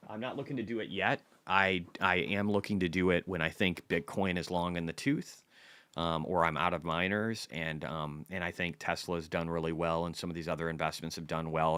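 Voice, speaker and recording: Deep-voiced blunt man streaming market talk. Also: a bit bright, smooth. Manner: blunt, chatty, reads data aloud and answers chat. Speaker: stock market livestream host. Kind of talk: casual livestream commentary.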